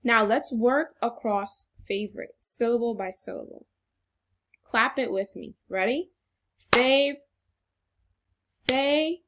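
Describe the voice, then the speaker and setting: A woman teaches a children's phonics lesson in a slightly high voice. She speaks slowly and deliberately, with an encouraging, exaggerated classroom delivery. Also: fairly bright tone.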